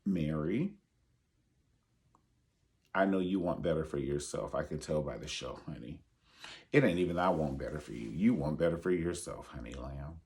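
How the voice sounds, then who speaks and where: A man's voice: very deep voice, lively intonation, moderate pace, pauses often, darkish tone. A man giving sassy, profane pop-culture commentary and calling his listeners honey. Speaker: online show host.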